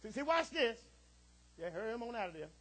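A man a sermon as pastor, calling out to the congregation and swinging from quiet asides to shouts. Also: extremely high pitch, very animated, fast, breathy edge. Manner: call-and-response preaching, rising to shouts.

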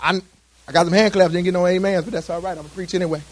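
High-voiced preacher. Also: male voice, steady tone, very fast, noisy background. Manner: conversational preaching with many restarts and call-and-response. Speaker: pastor. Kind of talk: sermon.

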